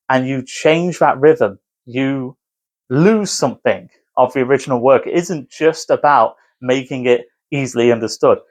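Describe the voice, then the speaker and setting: A man who teaches, talking casually to camera, rambling and correcting himself as he explains. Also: medium pitch. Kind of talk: casual video commentary.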